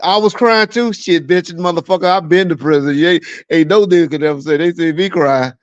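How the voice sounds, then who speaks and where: A man's voice: on the high side, a little fast, dry recording. Laughing, mocking man on a lo-fi stream. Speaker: live show host. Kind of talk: casual live-stream commentary. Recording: dull dry lo-fi sound.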